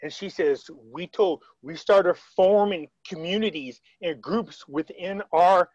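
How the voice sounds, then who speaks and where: A man's voice: high-pitched, slow, darkish tone, dry recording, muffled recording. A man telling a story on a video call in a casual, rambling way, retelling quotes with frequent restarts. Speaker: interviewee.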